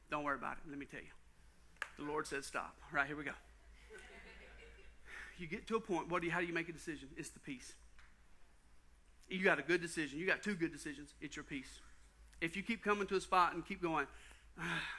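A pastor preaching a sermon, telling a personal story with folksy asides to the congregation. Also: male voice, on the high side, fairly quick, pauses often, pushed and bright. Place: church sanctuary.

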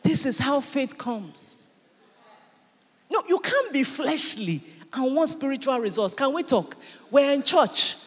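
Animated woman pastor preaching in a reverberant hall. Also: sits high, measured pace. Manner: animated, emphatic preaching with sudden bursts of loudness. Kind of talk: sermon. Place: church hall.

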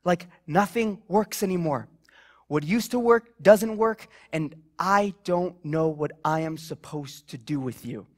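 A man's voice: on the high side, unhurried. A young man giving a sermon in a church, chatty and self-deprecating, telling childhood stories between scripture readings, with many fillers and restarts. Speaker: preacher. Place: church sanctuary.

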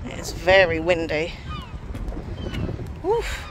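A woman's voice: on the low side, huge pitch swings, extremely slow, very noisy. A British woman talking to camera in a casual vlog, chatty and rambling with lots of fillers. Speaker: vlogger.

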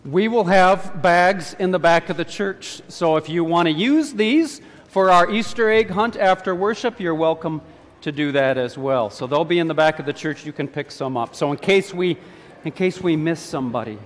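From the front of a church, a man with a strikingly high voice delivers a children's sermon at a moderate pace. He is playful and coaxing, pulling the kids in with questions, and the sanctuary's long reverb carries his words.

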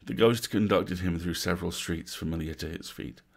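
A man reads a classic tale aloud as a bedtime story, measured and atmospheric. His voice is very low and gravelly, with a husky, breathy grain. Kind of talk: livestreamed bedtime story reading.

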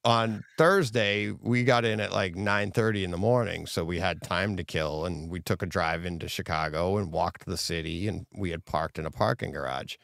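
A middle-aged man co-hosting a casual podcast, telling stories with animated quoted voices and laughter. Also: low-pitched, moderate pace, gravelly, few pauses, no room sound, studio quality. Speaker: co-host.

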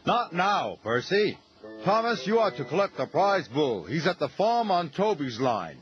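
A man voicing a stern older male railway boss who speaks in a brisk, firm way. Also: a little high, big pitch swings, soft background music, pitched above the performer's own voice. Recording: slightly dull TV audio.

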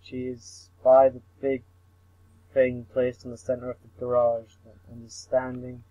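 A man's voice: medium pitch, monotone, measured pace, warm tone, dry recording. Young man, comic story read-through, stumbling, cursing asides, dull dry recording. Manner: mumbling and stumbling over words, with swearing asides. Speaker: reader of a visual novel.

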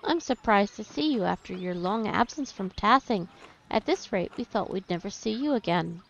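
A woman's voice: mid-range voice, lively intonation, moderate pace, creaky, fairly bright tone, slight background noise. A woman reading as a dry, reserved village woman. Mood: polite. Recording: dull lo-fi stream audio.

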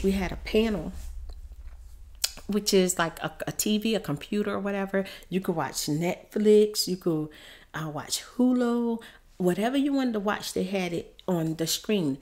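A woman's voice: medium pitch, normal speed. Tearful woman telling a story. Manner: emotional, tearful storytelling, drifts into soft whispers. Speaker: ASMR story-time vlogger. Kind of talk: casual story time while doing makeup.

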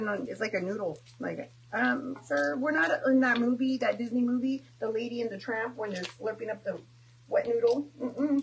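A woman's voice: fairly high pitch, moderate pace, gravelly, a little hiss or hum, rough recording. A young woman chatting and joking through a home cooking stream, tossing in Spanish words. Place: home kitchen.

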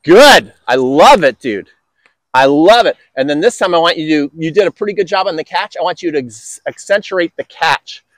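A man's voice: on the high side, expressive, a little fast, no echo. A man coaching tennis on an outdoor court, upbeat and encouraging with enthusiastic praise.

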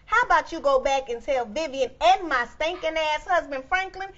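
An actress playing an angry, foul-mouthed woman who yells threats at visitors on her porch. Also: high-pitched, normal speed. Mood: furious. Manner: loud cursing and threats. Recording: dull lo-fi film audio.

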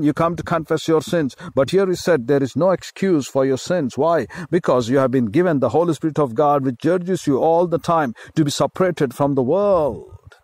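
A man with an Indian English accent preaching a sermon as a pastor, in a slow, emphatic style with repeated phrases. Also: fairly high pitch, darkish tone, dry recording.

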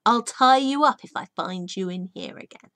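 A woman's voice: medium pitch, normal speed, a bit bright, no room sound, clean studio sound, lightly acted. A woman putting on a screaming cruel lady. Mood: furious. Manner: screaming, furious. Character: cruel angry rich lady, adult woman.

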